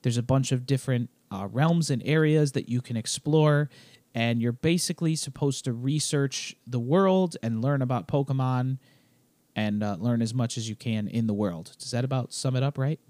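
A man's voice: medium pitch, moderate pace, a little mellow, no room sound. Slightly sick man chatting casually. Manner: chatty, wry, explains game at length with many fillers. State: slightly sick, clearing his throat and coughing. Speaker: podcast co-host. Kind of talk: casual chat.

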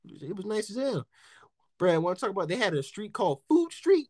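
Animated, laughing storyteller man. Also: high voice, fairly quick, no echo, studio quality. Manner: animated, profane, laughs often, acts out quotes. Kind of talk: casual storytelling chat.

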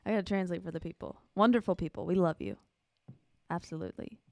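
A woman's voice: fairly low pitch, very animated, fast talker, vocal fry, mellow, dry recording, clean studio sound. A woman pastor co-hosting a church livestream in a playful, chatty way. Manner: playful and chatty, laughs often. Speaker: pastor and co-host. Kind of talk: casual chat.

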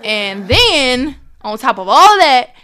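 Animated young mother telling her story. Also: sits high, slow pace. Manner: animated, acts out quoted dialogue, laughs often. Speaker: interview guest, mother. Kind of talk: emotional personal storytelling.

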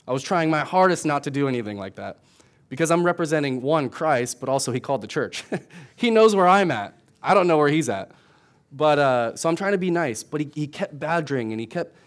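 A young adult man preaching a sermon in a conversational, storytelling way, building to emphatic points. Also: mid-range voice. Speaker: pastor.

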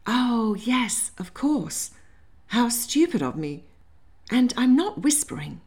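A spirited young Regency lady, as a woman reads her, giddy and indignant by turns in a storybook romance. Her voice lifts brightly and bounces with feeling. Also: a little high, very animated, slow pace, pitched above the performer's own voice, full character voice. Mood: flustered. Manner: flustered, indignant, a little giddy.

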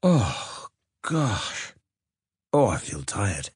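A man's voice: lowish voice, big pitch swings, extremely slow, slightly rough, dry recording, studio quality, exaggerated voice. A man voicing an overweight, besotted middle-aged man who stammers and fawns. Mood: fawning. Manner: flustered, stammering, fawning.

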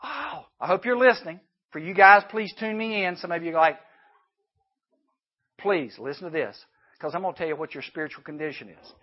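Man, high voice, lively youth sermon with rhetorical questions, dull lo-fi sound. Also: husky. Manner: animated preaching, rhetorical questions, dips to quiet asides. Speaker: youth speaker. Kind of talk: sermon to junior high students.

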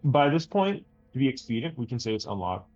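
A man running a tabletop horror game as game master, narrating scenes in a slow, measured way. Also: medium pitch, very animated, a little mellow, lo-fi sound, soft background music.

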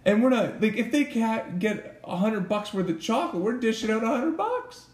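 A man co-hosting a casual podcast, teasing and exclaiming as he argues his side. His pitch swings a lot as he talks. The room gives his voice a noticeable echo. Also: moderate pace. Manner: animated, teasing, jokey exclamations. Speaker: podcast co-host. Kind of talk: casual bickering chat. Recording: echoey room.

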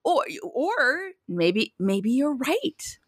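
A woman hosting a podcast in casual chat, bubbly and quick to laugh. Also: sits high, very animated, dry recording, studio quality. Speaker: podcast host.

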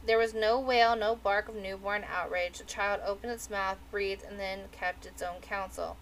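Woman reading a book out loud, steady pace, mid voice. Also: mid-range voice, normal speed, slight background noise, poor audio. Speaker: audiobook reader. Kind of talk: storybook narration.

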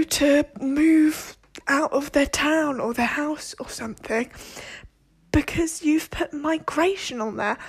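A young woman with a high voice rants through a casual solo monologue. She sounds exasperated, swears freely and keeps slipping into whispered asides. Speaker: podcast host.

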